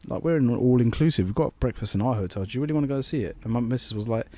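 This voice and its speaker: A man's voice: mid-range voice, racing, dark tone, no room sound. A young man co-hosting a podcast, rambling through an anecdote and acting out quoted voices. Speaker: podcast co-host. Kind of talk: casual storytelling chat.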